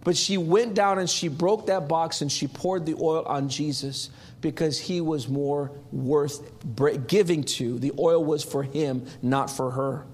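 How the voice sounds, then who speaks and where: A man preaching a sermon in a lively, humorous, conversational way. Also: fairly high pitch, measured pace. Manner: animated, humorous, acts out quotes.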